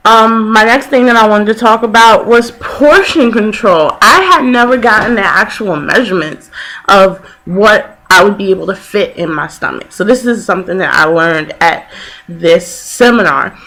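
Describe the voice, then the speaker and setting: A woman's voice: mid-range voice, rough recording. A woman in her twenties telling a story casually in a vlog, acting out the people she quotes. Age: 20s. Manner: animated, laughing, acts out people she quotes. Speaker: vlogger.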